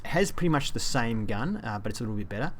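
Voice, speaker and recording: A man's voice: mid-range voice, animated, fast. A man reviewing a video game, chatty and self-deprecating, with casual fillers. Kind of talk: gameplay commentary.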